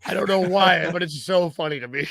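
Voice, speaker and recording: A man's voice: sits high, a little fast, vocal fry, a bit bright, no echo. A man co-hosting a casual sports podcast, playful and rambling, laughing easily. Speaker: podcast co-host.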